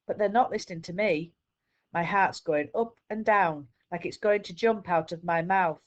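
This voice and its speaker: A woman teacher reading a children's book aloud in a steady storytelling manner. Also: lowish voice, lo-fi sound.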